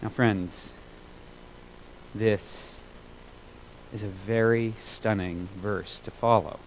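Earnest preacher, swinging loud and soft. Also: male voice, on the low side, fairly even intonation, slow, pauses often, slight background noise, low-quality recording. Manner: earnest, emphatic, repeats phrases for weight, swings between loud and quiet. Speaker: pastor. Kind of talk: sermon.

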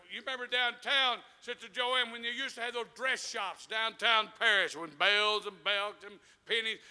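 A man preaching a sermon in a church, swinging from low storytelling to shouted, drawn-out declarations. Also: smooth. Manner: impassioned preaching with shouted peaks and drawn-out phrases. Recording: long reverb of a large hall.

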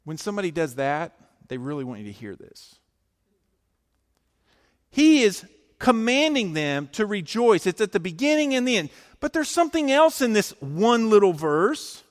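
Pastor guy preaching, high voice that jumps all over, loud then hushed. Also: long reverb tail. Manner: emphatic preaching, swinging between loud and hushed. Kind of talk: sermon.

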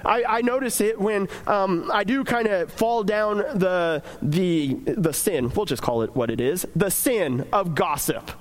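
A man's voice: high voice, a little slow, hardly any pauses. A young man preaching in a casual, conversational way, often acting out imagined inner voices. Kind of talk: casual sermon.

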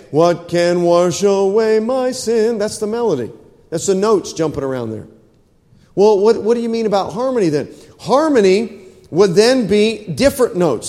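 A man's voice: sits high, darkish tone, long reverb tail. A man preaching a sermon to his congregation in a folksy manner, often checking in with questions. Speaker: pastor. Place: church hall.

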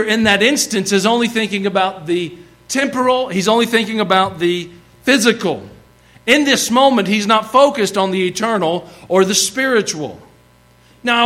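Delivering a sermon, a man with a lilt preaches in a folksy, animated style, his voice a little high for a man. He slips into playful asides, acting out bits of the story.

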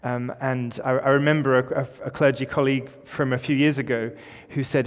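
A man's voice: mid-range voice, little pitch movement, fairly quick, few pauses. A male pastor giving an informal, conversational sermon in a church, with light jokes. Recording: echoey church with long reverb.

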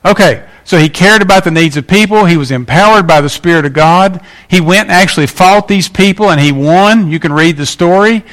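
Folksy preacher, higher voice. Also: male voice, brisk, few pauses, a bit bright. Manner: folksy, emphatic, asks the congregation questions. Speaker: pastor. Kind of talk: sermon.

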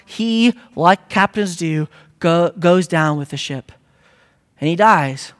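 A man preaching a sermon, building from quiet reflection to loud exhortation. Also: a little high, animated, takes it slowly. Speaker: pastor. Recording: long reverb of a hall.

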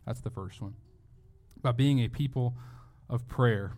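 Man, pastor, sermon, earnest, emphatic, restarts phrases, mid-pitched voice. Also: unhurried, a little mellow.

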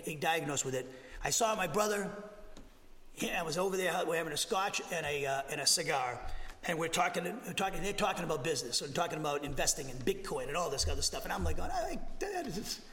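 A man in his sixties from Massachusetts with a Boston accent, teaching a Bible lesson as a pastor in a conversational, animated way, full of restarts and asides. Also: on the high side, big-room sound. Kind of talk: expository sermon lesson. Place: church sanctuary.

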